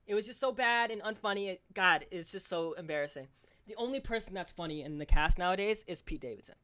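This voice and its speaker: A young man hosting a solo podcast, ranting fast and profanely, tripping over his words with stammers and restarts. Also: high voice, animated, pushed and bright. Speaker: podcast host.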